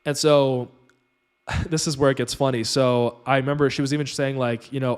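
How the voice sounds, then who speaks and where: A man's voice: medium pitch, fairly even intonation, fast talker, clean tone. A man telling his own story to camera on his channel, earnest and rambling, full of fillers. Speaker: channel host.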